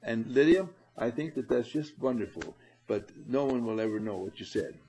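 A man leading a spiritual seminar, coaxing and animated, who addresses his listeners directly and laughs often. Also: lowish voice, normal speed, faint music behind, low-quality recording. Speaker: seminar leader. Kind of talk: spiritual seminar talk to a group.

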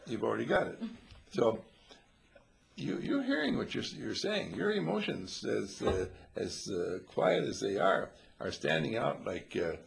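A man with a lowish, gravelly voice rambles through an informal spiritual talk to a group at a monastery. He teaches by questioning and frequently acts out the voices he quotes.

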